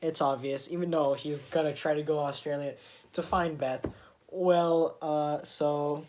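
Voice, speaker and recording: A man's voice: fairly high pitch, fairly even intonation, measured pace, darkish tone. A man casually recapping a comic issue, rambling with many fillers and restarts as he retells scenes. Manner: retells scenes with quoted lines. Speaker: comic book reviewer.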